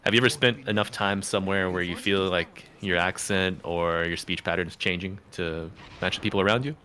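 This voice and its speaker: Lower-voiced guy casting esports, bright crisp tone, calm analyst vibe, faint hiss. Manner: measured analyst, asks co-caster questions. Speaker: esports caster. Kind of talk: live game commentary.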